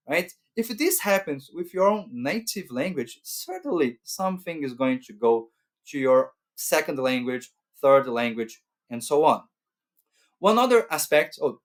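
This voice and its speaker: A man from Brazil, a native Portuguese speaker with a Brazilian Portuguese accent, giving casual advice as a language vlogger and often checking in with "right?". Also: fairly high pitch. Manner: unhurried, tags points with "right?".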